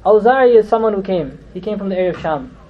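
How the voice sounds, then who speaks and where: Fast-talking high-voiced male religious teacher. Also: phone-quality sound, a little hiss or hum. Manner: lively, conversational storyteller who slips in Arabic terms. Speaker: Islamic teacher. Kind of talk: storytelling religious lecture.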